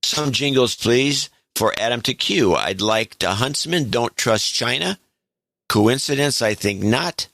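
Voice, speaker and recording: A man's voice: mid-range voice, lively intonation, a little slow, gravelly, bright, forceful tone, no room sound. A man co-hosting a podcast, reading listener notes aloud with dry asides. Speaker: podcast co-host.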